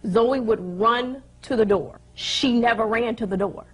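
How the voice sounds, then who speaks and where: A woman suing in a TV courtroom, telling her story in a lively way and acting out what people said. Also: fairly high pitch, a little slow, slightly rough. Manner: animated storytelling, acting out quoted voices. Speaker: plaintiff. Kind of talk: courtroom testimony.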